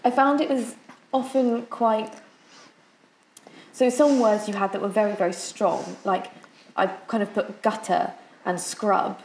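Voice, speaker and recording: A woman's voice: mid-range voice, steady tone, unhurried, darkish tone, reverberant, slight background noise, low-quality recording. A young woman student answering interview questions tentatively, with many fillers. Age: young adult.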